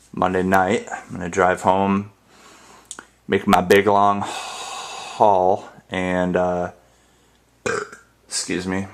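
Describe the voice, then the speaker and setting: Young guy, deep fry-heavy voice, loose rambling home vlog chat. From United States. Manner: rambling, many fillers and restarts. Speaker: ASMR vlogger. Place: apartment.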